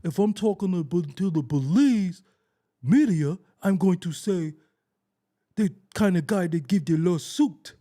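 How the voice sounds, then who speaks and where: A man's voice: high-pitched, lively intonation, unhurried, warm tone. A man putting on a mocking voice of a self-important man boasting about filing a lawsuit. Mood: mocking drawl.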